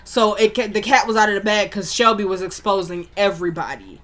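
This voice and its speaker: A woman's voice: mid-range voice, brisk. A woman casually recapping a TV episode, talking in a slangy, conversational way and animatedly acting out what the characters said. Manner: animated storyteller acting out quotes. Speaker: TV show recap vlogger.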